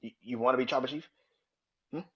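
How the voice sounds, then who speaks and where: A man's voice: mid-range voice, fairly even intonation, quick pace, sharp tone, close to an everyday voice. Man impersonating a brash, menacing wrestling champ, taunting and repetitive, on a dull lo-fi mic. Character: boastful, menacing male wrestling champion ranting.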